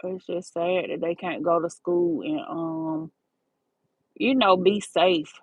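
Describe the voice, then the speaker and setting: A woman's voice: fairly low pitch, fairly even intonation, takes it slowly, slightly rough, dry recording, low-quality recording. A woman, talking straight to her viewers in a casual livestream, calling them baby and y'all. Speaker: livestream host.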